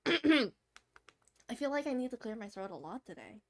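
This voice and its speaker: A woman's voice: on the high side, big pitch swings, unhurried, vocal fry. A young woman with a slightly nasal voice, chatting casually with her live-stream chat while drawing a commission and laughing often.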